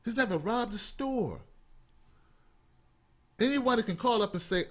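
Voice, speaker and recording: A man's voice: high voice, expressive, unhurried, long pauses. A man hosting a call-in talk show, ranting with passion and profanity. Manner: impassioned, profane, emphatic. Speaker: host. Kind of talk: heated call-in show rant.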